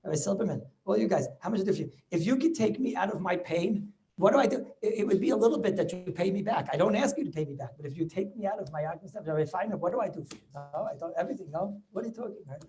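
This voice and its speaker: Animated rabbi teaching over video call. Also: male voice, high voice, racing. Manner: animated, repeats words, rhetorical questions. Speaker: rabbi teaching a Talmud class. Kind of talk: lively Torah class over video call.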